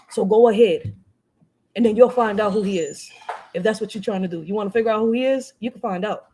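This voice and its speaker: A woman's voice: mid-range voice, fast, warm tone, breathy edge. Blunt, profane woman from Philly. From Philadelphia. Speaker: live-stream panelist. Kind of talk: heated live-stream rant.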